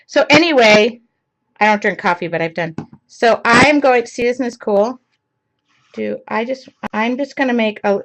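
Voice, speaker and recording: A woman's voice: mid-range voice, low-quality recording. A woman hosting a casual live-streamed art lesson, chatting to viewers, greeting them by name and talking to herself as she paints. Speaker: art class host. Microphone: computer mic on a live stream.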